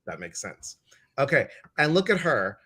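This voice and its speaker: A man's voice: medium pitch, big pitch swings, normal speed, bright, forceful tone, husky. A man hosting a casual live-stream interview, chatty and exuberant, greeting viewers and reading their comments aloud. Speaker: host.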